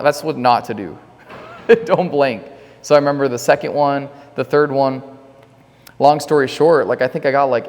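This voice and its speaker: A man's voice: medium pitch, darkish tone, big-room sound. A young man telling a story in casual podcast chat, full of fillers like "like", rambling. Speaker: podcast co-host, solar sales rep.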